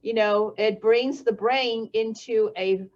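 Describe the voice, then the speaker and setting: A native Chinese speaker explains safety research slowly and carefully, pausing on fillers and correcting herself as she goes. Her voice is a little high and slightly mellow with fairly even intonation, and the audio sounds dull and lo-fi.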